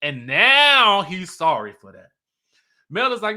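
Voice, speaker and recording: A man's voice: sits high, sing-song, slow, sharp tone. A man giving a casual, sassy reality-TV recap, laughing often and quoting the cast. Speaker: show recap commentator.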